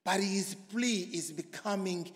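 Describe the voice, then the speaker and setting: A preacher from Congo, preaching emphatically and swinging from loud to hushed. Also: male voice, high voice, slow. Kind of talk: sermon. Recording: long hall reverb.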